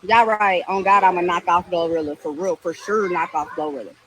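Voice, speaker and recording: A woman's voice: fairly low pitch, fairly even intonation, a little fast, fairly bright tone, a little hiss or hum, low-quality recording. A woman guest talking in a sassy, defensive way in a casual live chat from beside a pool. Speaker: podcast guest, rapper. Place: outdoors by a pool.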